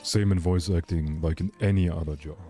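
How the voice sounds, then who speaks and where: A man's voice: deep voice, fairly even intonation, a little fast, mellow, soft background music. A man from Germany with a light German accent, rambling candidly in casual chat as a streamer.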